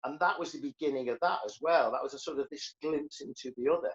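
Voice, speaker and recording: A man's voice: on the high side, fast talker. Man in his sixties, lo-fi sound. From Liverpool, England. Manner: earnest, reflective, stammers into sentences. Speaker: guest, comedian and karateka. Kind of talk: casual conversational interview.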